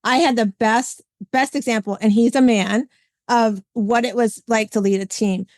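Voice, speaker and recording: A woman's voice: fairly high pitch, moderate pace, dry recording. Woman, podcast host, chatty storyteller, dry recording. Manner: chatty, retells stories in lively quoted voices. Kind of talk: casual chat.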